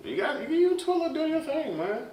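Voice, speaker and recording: Animated man on a podcast, roomy sound. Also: extremely high pitch, brisk, distant mic, a little hiss or hum. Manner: joking, animated storytelling. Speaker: podcast co-host. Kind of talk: casual podcast chat. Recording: roomy echo, off-mic.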